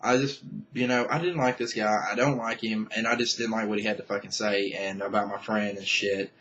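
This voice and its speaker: A man's voice: on the low side, flat delivery, a little fast, fairly bright tone, highs cut off. A young man venting to camera in a casual vlog rant, angry and profane, rambling with many restarts. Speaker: vlogger.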